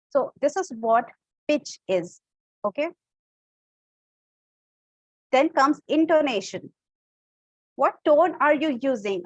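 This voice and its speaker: A woman with an Indian English accent runs an online public speaking class, explaining each point and demonstrating different tones of voice. Her voice sits high. The recording is dry and slightly dull, as from a call. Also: no echo. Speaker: public speaking workshop instructor. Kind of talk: live online class teaching.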